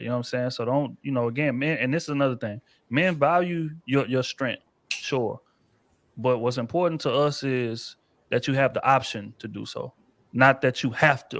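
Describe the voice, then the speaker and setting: A man's voice: medium pitch, fairly bright tone, no echo. A married man co-hosting a casual panel discussion, talking in a loose, rambling way with casual profanity. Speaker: podcast co-host.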